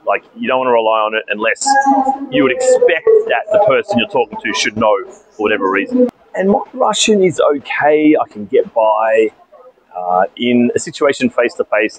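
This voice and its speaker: A man's voice: mid-range voice, slightly rough, poor audio. A young Australian man casually telling a story to camera in a chatty vlog, outdoors at a bus station. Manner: chatty, animated retelling with asides. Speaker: vlogger.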